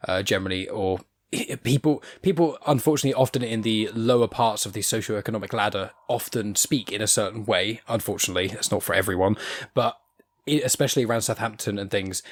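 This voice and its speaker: An English man hosting a podcast, chatting in a relaxed, rambling way and laughing easily. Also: lowish voice, fast talker, dry recording. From England. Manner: easygoing, laughs often, rambling. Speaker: podcast host. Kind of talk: casual podcast chat.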